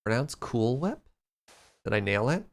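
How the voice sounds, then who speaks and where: A man hosts a live game stream in a casual, playful chat. His voice sits at an ordinary middle pitch. He riffs on jokes and reads out viewer names between bits of play. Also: very animated, measured pace.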